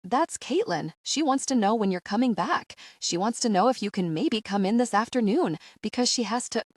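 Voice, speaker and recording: In clean studio audio with no room sound, a woman voices an anxious, worried eight-year-old boy for an audiobook, pitching above her natural voice. Her delivery is fairly high, with lively intonation, normal speed, and a pleading quality.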